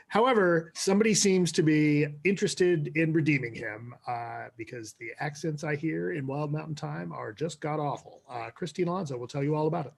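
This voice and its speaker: Man, podcast host, show intro, wry, slightly high, gravelly. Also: moderate pace. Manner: joking, wry.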